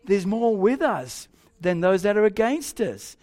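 An older man preaching a sermon, telling a story animatedly with soft asides and loud exclaims. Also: high voice, expressive, moderate pace.

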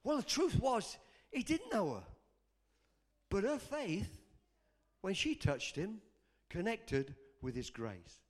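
Aussie pastor preaching, high voice swinging all over, gets the crowd shouting back. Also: male voice, big pitch swings, slow pace, pauses often. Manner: impassioned, call-and-response, storytelling. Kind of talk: sermon.

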